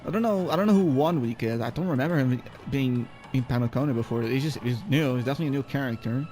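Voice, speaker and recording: A man's voice: medium pitch, fast talker, mellow, faint music behind. A man casually commenting while playing through a game story, rambling and restarting his sentences. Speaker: gaming YouTuber. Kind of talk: casual let's-play commentary.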